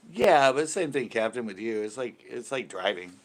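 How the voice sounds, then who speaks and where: A man's voice: mid-range voice, expressive, measured pace. A middle-aged man hosting a live stream, chatting casually, laughing often and swearing lightly.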